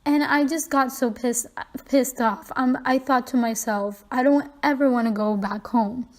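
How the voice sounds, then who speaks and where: A woman's voice: high-pitched, steady tone, a little slow. A young woman vlogging, candidly retelling a personal story in a conversational way with frequent fillers and restarts.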